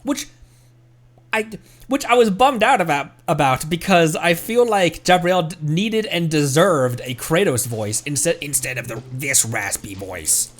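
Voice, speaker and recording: A man's voice: fairly high pitch, animated, a little slow. A man streaming a video game, chatting casually and thinking aloud as he plays, often breaking off mid-sentence. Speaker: VTuber streamer. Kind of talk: casual gameplay chat.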